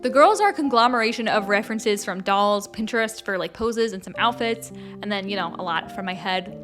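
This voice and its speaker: A woman's voice: mid-range voice, fairly quick, over music. A young woman hosting an art channel, chatting casually and bubbly with lots of likes and little laughs. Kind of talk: casual chat with sponsor read.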